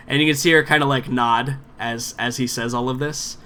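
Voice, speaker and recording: A male game master narrates a tabletop game in loose, rambling phrasing full of fillers. His pitch is ordinary for a man. Faint noise sits behind him. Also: fairly even intonation, normal speed, few pauses, bright, forceful tone.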